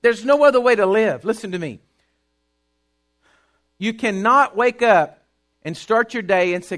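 High-voiced preacher, shouting in bursts. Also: male voice, lively intonation, a little slow, long pauses. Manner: rising to shouting, emphatic repetition. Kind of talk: sermon.

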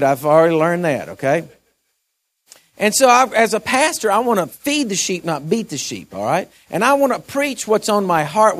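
A pastor preaching a sermon in a high, lively voice. He talks in a folksy way and works himself up until he is shouting.

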